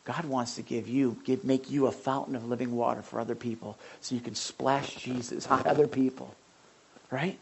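A man's voice: mid-range voice, steady tone, normal speed, vocal fry, darkish tone, slightly rough. A man preaching a sermon as pastor, impassioned and emphatic, driving points home with repetition.

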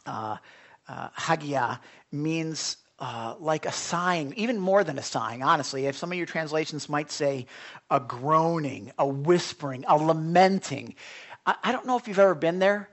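A man's voice: on the high side, animated, normal speed. A man preaching a sermon to young listeners, earnest, with many restarts, sometimes dropping to a whisper for emphasis.

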